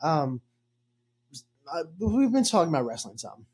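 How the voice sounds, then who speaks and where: Young man, podcast host, husky voice, lively pitch, rambling jokey chat. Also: unhurried. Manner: rambling, jokey, filler-heavy. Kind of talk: casual chat.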